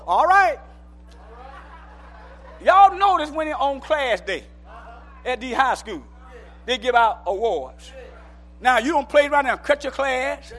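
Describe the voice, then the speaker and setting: A man preaching a sermon in plain folksy speech, dropping into low asides and then rising to shouted exhortation. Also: lively intonation, measured pace, long pauses, some chatter behind. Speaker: pastor. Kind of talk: call-and-response sermon.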